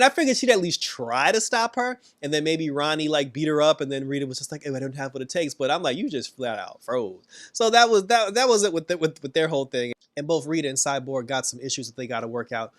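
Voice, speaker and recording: A man casually recapping and reviewing a TV episode, animated, laughing often and acting out the characters' lines. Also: medium pitch, no room sound, clean studio sound.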